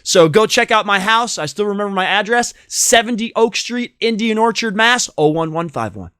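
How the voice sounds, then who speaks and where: A man's voice: high voice, expressive, moderate pace, bright, forceful tone, smooth, no room sound, clean studio sound. A man from Massachusetts hosting a casual podcast chat, playful and chatty, laughing often and rambling with fillers. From Massachusetts, USA. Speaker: podcast host.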